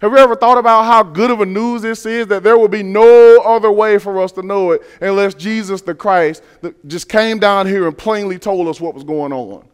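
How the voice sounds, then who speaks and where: High, clear-voiced male preacher. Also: moderate pace, hardly any pauses. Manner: emphatic, repeats phrases, asks rhetorical questions. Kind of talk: sermon.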